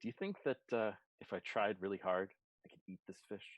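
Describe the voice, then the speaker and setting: A man's voice: lowish voice, expressive, fairly quick, no echo, highs cut off, close to an everyday voice. A man doing a greedy whispering pigeon. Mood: scheming. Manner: conspiratorial, wheedling. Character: greedy, sly talking pigeon sidekick.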